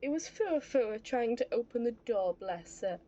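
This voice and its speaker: High-voiced woman streamer reacting aloud. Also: normal speed, lo-fi sound. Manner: expressive, reacting aloud, slips into baby talk with her pet. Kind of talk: live gameplay commentary.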